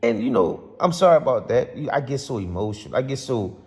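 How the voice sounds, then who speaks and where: A man's voice: medium pitch, very animated, brisk, a little mellow. A man ranting passionately to camera as a vlogger, rambling and repeating himself. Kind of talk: casual football rant to camera. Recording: long hall reverb.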